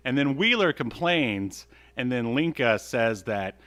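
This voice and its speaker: A man's voice: mid-range voice, lively intonation, measured pace, a bit bright. A man co-hosting a podcast, chatting casually about an old cartoon with plenty of fillers and asides. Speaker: podcast co-host.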